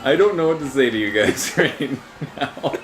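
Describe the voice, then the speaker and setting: A man's voice: medium pitch, animated, moderate pace. A man co-hosting a gaming show, chiming in with short shocked reactions in casual banter. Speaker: show co-host, gamer. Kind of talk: casual let's-play banter. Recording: echoey room with game music.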